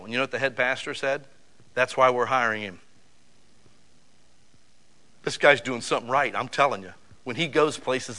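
A man preaching a sermon, telling folksy stories with lots of rhetorical questions and asides like "you know" and "man.". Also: mid-range voice. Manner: animated storytelling with rhetorical questions. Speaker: pastor.

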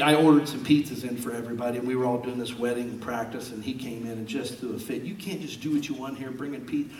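A middle-aged man preaching a sermon in a large church auditorium, telling stories with loud bursts and hushed asides. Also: medium pitch, far from the mic, slight background noise. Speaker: pastor. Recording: roomy sound from off-mic in a hall.

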